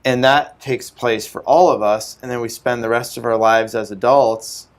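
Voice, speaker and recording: A man's voice: mid-range voice, steady tone, moderate pace. A man co-hosting a casual talk show, speaking thoughtfully and searching for his words. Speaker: show co-host. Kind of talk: casual conversation.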